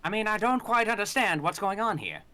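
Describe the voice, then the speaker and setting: Ein Mann spielt einen Abenteurer mit Radiostimme. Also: male voice, high-pitched, very animated, brisk, bright, forceful tone, pitched above the performer's own voice, full character voice. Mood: puzzled. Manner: announcer-like, puzzled. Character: adventurer with a radio announcer's voice.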